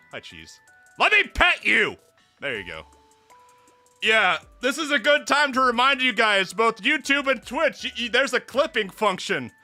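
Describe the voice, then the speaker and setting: Excitable guy streamer, animated pitch, talks kinda slow, out of breath from laughing. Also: vocal fry. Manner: excitable, laughs hard and swears. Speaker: VTuber streamer. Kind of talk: live game reaction stream. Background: faint background music.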